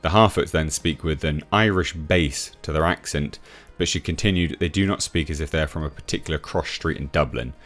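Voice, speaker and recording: Very deep-voiced scoffing man. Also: fairly quick, hardly any pauses, a bit bright. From England. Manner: scoffing, laughs at what he reads, many restarts. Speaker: YouTube reviewer. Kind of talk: opinionated commentary reading and reacting to an article.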